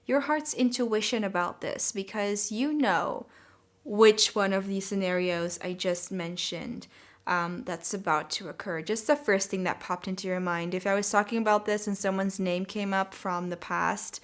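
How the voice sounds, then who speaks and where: Soft-spoken woman giving a tarot reading. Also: medium pitch, fairly even intonation, moderate pace. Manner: soft, gentle and reassuring, giggly at times. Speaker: tarot reader.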